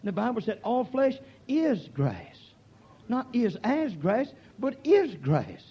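An older man preaching a sermon, moving from quiet folksy talk to shouted, drawn-out peaks. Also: extremely high pitch, sing-song, slightly rough, highs cut off.

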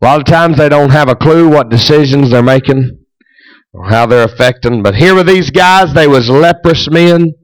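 Preacher guy, middle-aged, folksy sermon, kinda high voice, dry close sound. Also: moderate pace, dry recording, low-quality recording. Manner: folksy, retells scripture in plain speech.

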